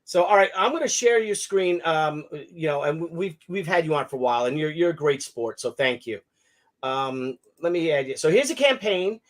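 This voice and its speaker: A man from New York hosting a casual live-stream chat, telling stories in a loose, animated way and swearing now and then. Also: fairly high pitch. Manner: animated storyteller, swears, talks fast and loose. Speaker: host.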